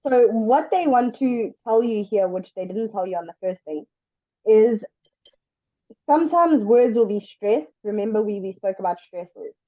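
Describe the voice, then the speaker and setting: A woman's voice: mid-range voice, lively intonation, no echo. A woman gives an online English lesson, patient and careful, walking through each point with examples. Her voice sits in the middle range. The sound is dry and a little muffled. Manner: patient, explains slowly with examples. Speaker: English teacher.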